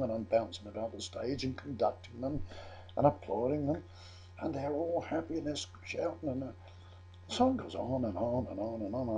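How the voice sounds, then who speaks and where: A man's voice: medium pitch, warm tone, slightly rough, dull audio. An older man from England telling a chatty personal anecdote, amused at himself, with frequent restarts. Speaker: storyteller.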